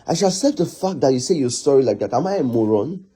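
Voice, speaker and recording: A young man with a Nigerian accent, angrily scolding and shouting in a Nollywood drama scene. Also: medium pitch, animated, fast, husky. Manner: angry, scolding, repetitive. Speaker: actor.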